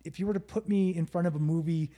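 Animated husky man telling a story. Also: on the high side, fast. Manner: animated, swearing, laughing storyteller. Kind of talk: casual chat.

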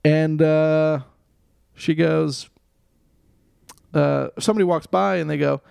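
A man tells a story in a loose, animated way, with plenty of swearing and laughing at his own expense. His voice sits a bit high for a man and carries a gravelly fry. He is close to the mic in a dry, dead room. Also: slow pace, no room sound. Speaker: comedian and podcast guest. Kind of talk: casual storytelling.

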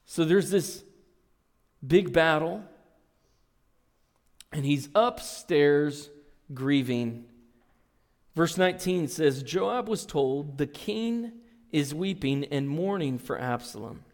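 A pastor preaching a sermon, telling a story earnestly and reading scripture aloud. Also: male voice, sits high. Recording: long reverb in a large hall.

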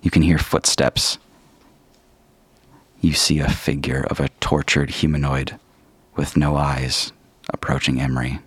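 A man narrating a tabletop game as game master in a measured, descriptive way, with a husky voice. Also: very deep voice, level tone, dry recording.

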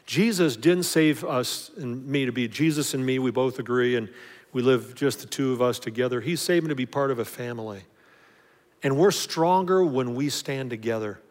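A man preaching a sermon, building up emphasis and then dropping softly into prayer. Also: medium pitch, moderate pace, long reverb tail. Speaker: pastor.

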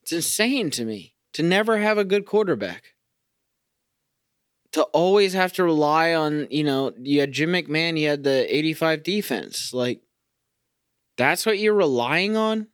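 A man's voice: fairly high pitch, expressive, unhurried, clear, resonant tone, dry recording, clean studio sound. A young man ranting profanely as a sports fan, talking in a casual, exasperated monologue.

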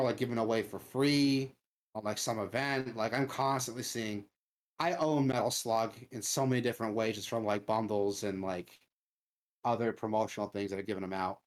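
A man co-hosting a casual gaming chat, ranting loosely with lots of swearing and filler "like". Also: medium pitch. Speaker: podcast co-host.

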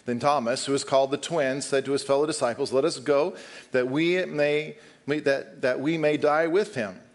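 A man delivering a sermon, reading scripture in a steady, measured way before turning to speak plainly to the people in front of him. His voice sits at an ordinary middle pitch for a man. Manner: reads scripture steadily, then talks to the congregation and calls up a helper. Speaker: preacher.

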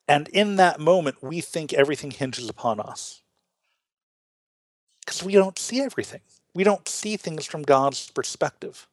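A man's voice: medium pitch, no echo. Earnest stammering man, dry close mic. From Illinois, USA. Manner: stammering restarts, earnest and animated. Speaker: podcast host, Lutheran teacher. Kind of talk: casual teaching chat.

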